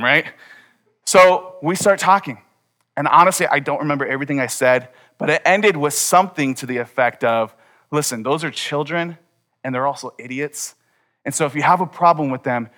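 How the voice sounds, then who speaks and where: A man preaching a sermon, telling a personal story and acting out the dialogue with lively energy. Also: mid-range voice. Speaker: pastor.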